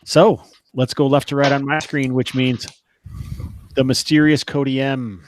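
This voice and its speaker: A man's voice: medium pitch, level tone, unhurried. Upbeat man hosting a tabletop game. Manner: upbeat, laughs often, uses fillers. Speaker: game master and host.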